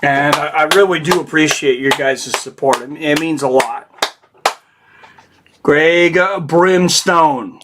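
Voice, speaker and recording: A man's voice: fairly high pitch, measured pace, long pauses, background noise. A man hosting a live fight stream, chatting casually and rambling as he thanks his viewers and donors.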